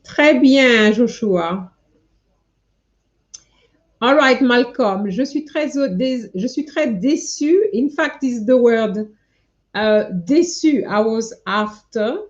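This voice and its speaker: A woman's voice: a little high, expressive, slow, muffled recording. A woman teaching French in a live online lesson, patiently going through her students' answers and correcting them one by one.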